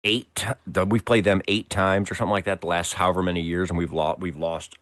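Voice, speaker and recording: A man's voice: low-pitched, little pitch movement, quick pace, fairly bright tone, no echo. A man from St. Louis with a St. Louis accent, a guest in a casual chat who talks in an easygoing way and trails off mid-sentence.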